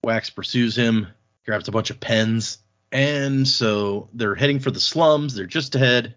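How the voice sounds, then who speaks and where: A man's voice: medium pitch, unhurried, a bit bright. A man hosting a podcast, casually recapping book chapters, laughing often and slipping into voices for quotes. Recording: dull lo-fi sound.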